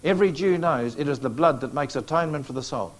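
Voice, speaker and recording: A man with a New Zealand accent preaches to a live congregation. His voice sits somewhat high, and he talks with urgent, earnest exhortation. He turns again and again to address his listeners directly. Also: fast talker. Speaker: evangelist preacher. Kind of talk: sermon. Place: church meeting before a live congregation.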